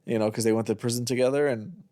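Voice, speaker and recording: A man's voice: mid-range voice, fairly even intonation, fast, mellow. A man co-hosts a movie review podcast in loose, casual chat. He rambles through scene retellings, acting out the lines and swearing freely. The sound is dry and close, with no room echo. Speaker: podcast co-host.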